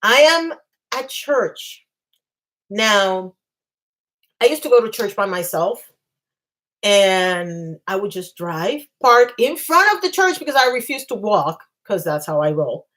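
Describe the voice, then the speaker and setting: A woman casually telling self-mocking, animated stories to a live chat. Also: mid-range voice, slow pace. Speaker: channel host.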